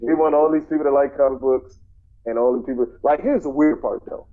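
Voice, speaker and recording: A man's voice: medium pitch, steady tone, fairly quick, phone-quality sound. A man co-hosting a casual movie podcast, blunt and opinionated, who often repeats himself. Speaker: podcast co-host.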